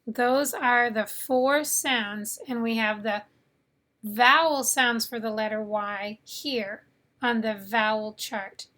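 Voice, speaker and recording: A woman teaching English phonics, saying each sound slowly and clearly and repeating it. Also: fairly high pitch, pushed and bright. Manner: slow, carefully enunciated, repeats each sound. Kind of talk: slow phonics lesson.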